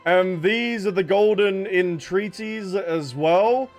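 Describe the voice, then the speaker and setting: A young man commentating his own gameplay in a high-pitched, excitable voice. He rambles and restarts sentences, with faint music playing beneath him. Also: slow. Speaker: gaming streamer.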